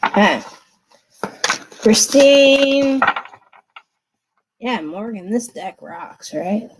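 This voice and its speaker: A tarot card reader sits at her desk giving a casual live reading, chatty and reassuring, frequently checking in with the listener. Her voice is a little high, and the recording is rough.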